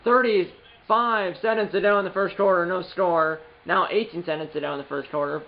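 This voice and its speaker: A man with a high voice narrates his own video game like a play-by-play announcer, wandering off on tangents and correcting himself as he goes. He breaks into excited calls on big plays. The recording sounds dull and lo-fi. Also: fast, gravelly. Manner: rambling, self-correcting, bursts of excited calls. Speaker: gaming channel host. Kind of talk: play-by-play commentary while playing.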